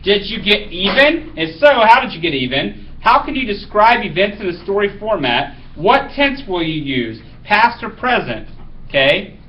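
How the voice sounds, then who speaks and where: A man's voice: high-pitched, sing-song, moderate pace, dull audio, slight background noise. A male teacher reading a story aloud to his class, then giving casual directions for a writing task.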